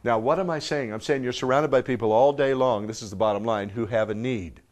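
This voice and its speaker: A man preaching a sermon to a live congregation, firing off rhetorical questions and swinging between loud emphatic bursts and hushed low tones. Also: a little fast. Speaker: pastor.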